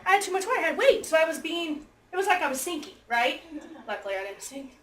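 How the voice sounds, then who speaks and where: A woman teacher telling a story to her class with lively energy, acting out both sides and breaking into squeals and shouts. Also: very high-pitched, quick pace. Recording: echoey room, mic far off, faint noise.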